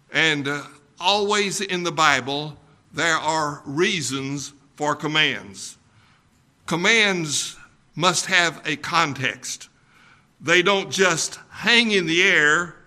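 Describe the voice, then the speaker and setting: An older man preaching a sermon, folksy and unhurried, with frequent ums and uhs. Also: on the high side, pushed and bright. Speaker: pastor.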